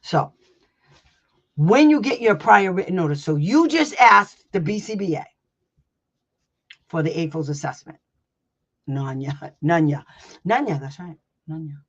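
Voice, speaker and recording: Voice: medium pitch, lively intonation, a little slow, long pauses. A brash, no-nonsense advocate coaches parents in a loose online session, swearing freely and acting out both sides of a school meeting. The voice sits mid-range and comes through a slightly dull, lo-fi recording. Points get hammered home through repetition. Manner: blunt, brash and emphatic, with profanity and frequent laughs; drills points by repetition and acted-out dialogue.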